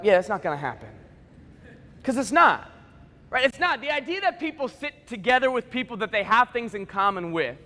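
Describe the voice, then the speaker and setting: A man giving a playful, joking speech at a school assembly, acting out quick bits of dialogue in his stories. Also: high voice, pushed and bright. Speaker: motivational speaker. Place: large school assembly hall. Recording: echoey hall with long reverb.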